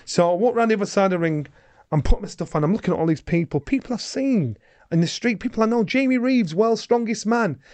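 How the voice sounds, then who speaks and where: A middle-aged man tells stories as an interview guest, lively and full of drama. His voice sits a little high, and he slips into other people's voices as he talks. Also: fast. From England. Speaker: guest, former boxer. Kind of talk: animated anecdote telling.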